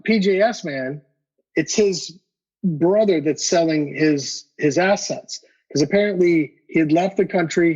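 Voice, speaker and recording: A man telling a collecting story in a casual chat, stumbling over repeated words and acting out both sides of a conversation. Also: fairly high pitch. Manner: animated, repeats words, acts out dialogue. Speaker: guest collector. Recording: dull lo-fi podcast audio.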